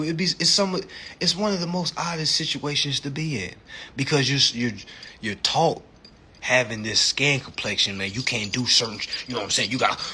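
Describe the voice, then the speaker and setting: Brief: male livestream host, animated and profane, forceful husky voice, loose slangy delivery. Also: medium pitch. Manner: animated, profane, laughs often; slangy, repeats "you know what I'm saying". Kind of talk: casual livestream chat.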